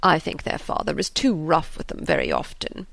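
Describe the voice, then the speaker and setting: A woman voicing a fretful, anxious elderly father in an audiobook, slow and sighing. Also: sits low, huge pitch swings, vocal fry, a bit bright, no room sound, full character voice.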